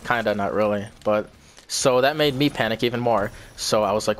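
A man's voice: on the low side, fairly quick. A young man telling a story in a casual, rambling way, swearing often and repeating himself. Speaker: vlogger.

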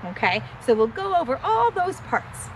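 A young woman educator explains things to children, high and expressive, her voice rising and falling as she teaches. Faint outdoor noise sits in the background. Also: normal speed. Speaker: nature educator.

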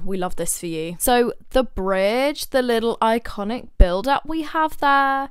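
A woman's voice: medium pitch, clear, resonant tone, dry recording, studio quality. A young woman vocal coach explaining singing technique in an enthusiastic, gushing way as she reacts to a performance.

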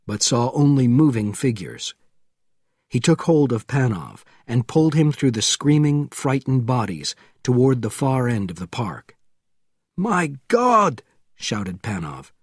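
A man narrating a thriller audiobook in a measured, deliberate way. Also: mid-range voice, a little mellow, breathy edge, no echo, studio quality. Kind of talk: scripted narration.

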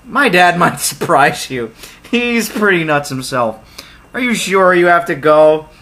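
A man's voice: high-pitched, animated, unhurried, pushed and bright, heavily acted. A man reading the lines of an upbeat young boy game hero, cheerful and offhand.

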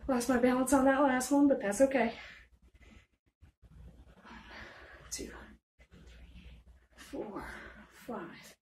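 A woman's voice: sits high, slow, long pauses, a little mellow, a little hiss or hum. A woman hosting a workout video, counting reps aloud and chatting with a giggle while she exercises, out of breath. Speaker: fitness video host. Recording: echoey room, mic at a distance.

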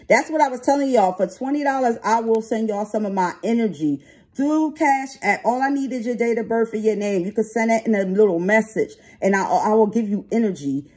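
A woman's voice: on the high side, expressive, a little fast, warm tone, rough recording. Blunt, profane woman tarot reader. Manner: blunt, profane, streetwise talk. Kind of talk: casual tarot reading to camera.

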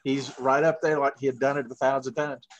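A middle-aged man from Georgia with a Southern accent, telling long, animated anecdotes full of fillers in a casual interview. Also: medium pitch, fairly quick, highs cut off. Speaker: guest puppeteer.

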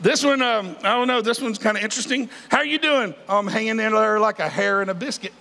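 Fast and gravelly, his high voice bright and forceful, a 50-something pastor preaches with humor and frequent crowd prompts. The setting is a large church sanctuary, heard through a long hall reverb.

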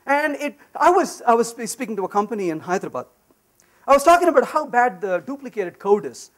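A man's voice: very high-pitched, fairly quick. A man giving a live technical conference talk, joking with the audience and often asking "right?". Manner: animated and joking, repeats "right?". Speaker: conference speaker.

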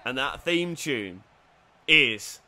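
A young man commentating his own football video game, muttering play-by-play then bursting into loud shouts and cheeky banter. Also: a little high, lively intonation, a little slow, heavy background noise. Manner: swings from quiet mutters to shouting, swears, banters. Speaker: gaming YouTuber.

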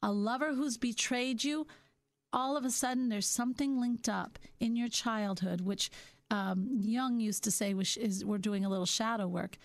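Gentle-voiced woman hosting a self-help talk. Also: on the high side, dry recording. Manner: gentle, musing, slows down for key points. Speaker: podcast host.

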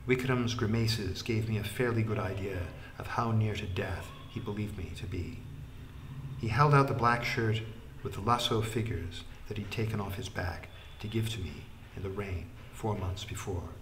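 A man narrating an audiobook in a measured way, trailing into a breathy hush at phrase ends. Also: on the low side, a little hiss or hum.

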